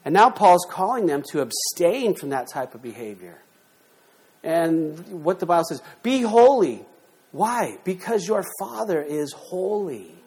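A middle-aged man preaching a sermon, emphatic, with rhetorical questions and sudden swings in loudness. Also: on the high side, expressive, measured pace, slightly rough. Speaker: pastor.

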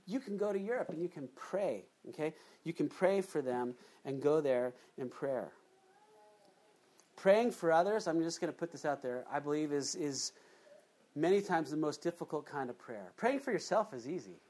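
Animated, chatty preacher mid-sermon. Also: medium pitch, moderate pace. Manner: chatty, asks the congregation questions. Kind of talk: conversational sermon.

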